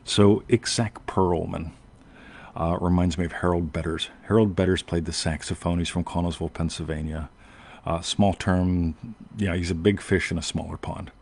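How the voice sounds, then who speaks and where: Gravelly deep-voiced man. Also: steady tone, moderate pace, a little mellow. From United States. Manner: rambling, self-interrupting, frequent "right?". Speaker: podcast host. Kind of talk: casual storytelling chat.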